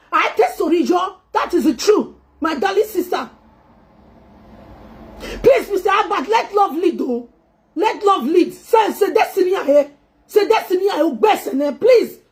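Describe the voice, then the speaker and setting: A woman's voice: very high voice, a little mellow. A woman making an impassioned, pleading spoken appeal, switching between English, Pidgin and a local language. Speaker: entertainer appealing to two public figures.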